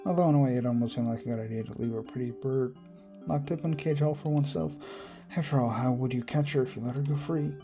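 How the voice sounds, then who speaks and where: Gravelly man reading a visual novel. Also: mid-range voice, fast, music in the background. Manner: stumbles over words and comments wryly on the game.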